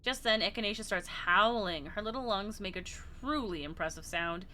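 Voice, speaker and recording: A woman's voice: medium pitch, normal speed, pushed and bright. A woman streamer reading a game's text aloud between playful reactions, laughing and gasping as she plays. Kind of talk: reading a game aloud with casual chat.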